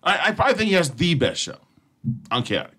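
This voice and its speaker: A man's voice: on the high side, big pitch swings, fast, pushed and bright, slightly rough. A man hosting an internet radio show, chatting casually with his co-hosts, laughing often, rambling and swearing freely. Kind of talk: casual chat.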